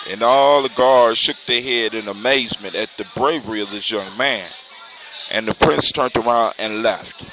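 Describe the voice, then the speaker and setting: A man telling a fairy tale in a relaxed, conversational way, with loose restarts. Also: mid-range voice. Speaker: storyteller. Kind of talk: casual oral storytelling. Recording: noisy recording with clicks.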